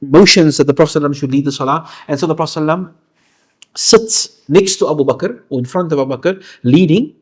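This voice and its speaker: A man's voice: a little high, fairly quick, husky. A man teaching a religious history lesson, telling the story earnestly with frequent restarts and fillers. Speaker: Islamic teacher. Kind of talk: lecture storytelling.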